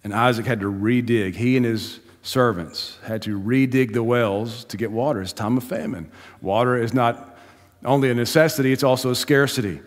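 A pastor delivers a sermon like he's telling a story, chatting, laughing and building emphasis, in a medium-pitched voice at normal speed. Long hall reverb from the church surrounds his words.

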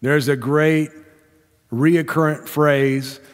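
A man's voice: a little high, fairly even intonation. Male preacher with long hall reverb. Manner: measured, storytelling, with slow emphatic stretches. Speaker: Baptist pastor. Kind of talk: sermon.

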